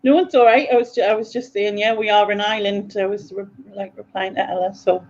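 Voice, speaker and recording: A woman's voice: mid-range voice, steady tone, brisk, a little mellow, lo-fi sound. A British woman chatting as a guest on a livestream, easygoing and giggly. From England. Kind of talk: casual livestream chat.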